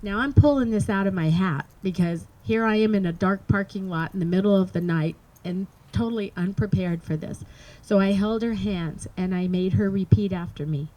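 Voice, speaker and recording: Woman, middle-aged, earnest personal storyteller, mellow dark tone, pausing and restarting. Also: medium pitch, low-quality recording. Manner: earnest, halting, emotional recounting. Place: live performance space.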